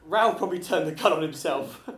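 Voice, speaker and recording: A man doing a live stand-up routine, chatty and quick with apologetic asides to the crowd. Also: on the high side. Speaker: stand-up comedian. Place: small theatre studio with a live audience. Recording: echoey live room, faint ambience.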